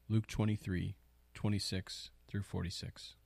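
A man reading a scripture passage aloud in a measured, solemn manner at a church service. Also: lowish voice, level tone, creaky, darkish tone, no echo. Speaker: scripture reader.

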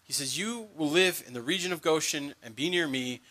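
Bright-voiced man preaching conversationally. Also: fairly high pitch, fairly quick. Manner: conversational preaching, acts out biblical voices with casual asides. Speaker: pastor. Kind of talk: sermon.

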